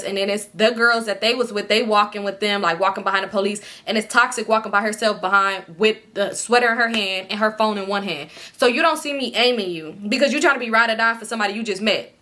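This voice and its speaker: Young woman vlogger spilling a story, bright voice, cussing and acting out the dialogue. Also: medium pitch, fast talker, hardly any pauses. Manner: animated, profane, acts out dialogue. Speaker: storytime YouTuber. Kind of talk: casual storytime.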